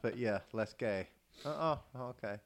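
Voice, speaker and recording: A man's voice: medium pitch, unhurried. A middle-aged man from Iowa, a voice actor, telling stories in a casual interview, profane and self-deprecating. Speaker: voice actor, guest.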